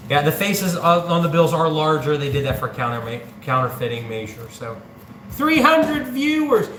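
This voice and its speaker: Fairly quick and mid-range, his voice shows little pitch movement against background noise. A livestream host from central Ohio, USA, he chats casually and jokes while counting cash out loud, in an echoey room with faint ambience.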